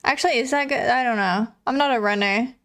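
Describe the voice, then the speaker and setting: Young woman streamer, laid-back chatter, slightly high, clear and smooth voice, cusses casually. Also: fairly quick, fairly bright tone. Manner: chatty, swears casually, laughs often. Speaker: livestreamer. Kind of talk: casual chat reading viewer messages.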